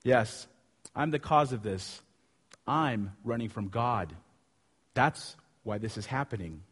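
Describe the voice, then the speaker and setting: A man voicing a guilty runaway prophet in a low, quiet, subdued tone. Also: lively intonation, slow, slightly rough, heavily acted. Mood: resigned. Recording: long hall reverb.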